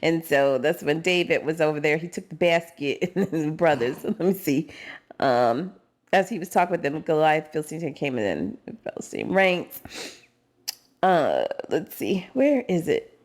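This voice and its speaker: A woman with an African American English accent co-hosting a podcast, chatting and reading scripture aloud in a lively, laughing way. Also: low voice, measured pace. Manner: animated, laughs often, acts out quotes. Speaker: podcast co-host.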